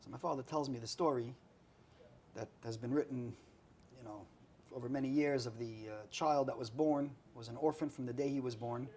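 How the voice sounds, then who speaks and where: A man's voice: mid-range voice, moderate pace. A man telling a long personal story in a casual chat, eating spicy food as he talks. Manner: animated anecdotal storytelling with acted quotes. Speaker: guest storyteller.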